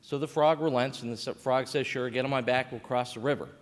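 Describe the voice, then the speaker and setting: A man's voice: medium pitch, steady tone, a little fast. A man giving a conversational conference panel talk as a state coordinator, with frequent fillers and restarts. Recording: reverberant conference hall.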